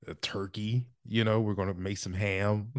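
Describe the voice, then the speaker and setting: A man's voice: fairly low pitch, fairly even intonation, normal speed, no room sound, clean studio sound. A man co-hosting a sports podcast in casual chat, teasing and laughing often. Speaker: podcast co-host.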